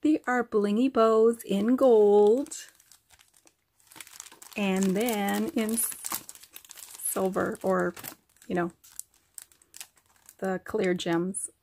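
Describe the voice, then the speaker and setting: Slow-talking, gushing woman crafter. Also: mid-range voice, steady tone, darkish tone, a little hiss or hum. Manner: gushing, effusive, addresses viewers as you guys. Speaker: craft vlogger showing gifts. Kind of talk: casual show-and-tell vlog. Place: home craft room.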